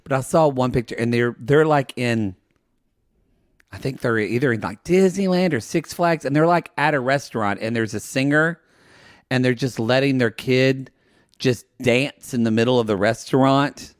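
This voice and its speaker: A man's voice: medium pitch, moderate pace, no room sound, clean studio sound. A man co-hosting a podcast, chatting casually and rambling through recaps with lots of asides. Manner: chatty, rambling, with frequent likes and restarts. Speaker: podcast co-host. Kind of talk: casual chat.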